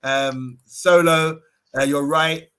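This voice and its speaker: Bright-voiced jokey male co-host. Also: fairly high pitch, fairly even intonation, slow pace, clean tone. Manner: reads out viewer comments, jokey, laughs often. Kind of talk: casual livestream chat.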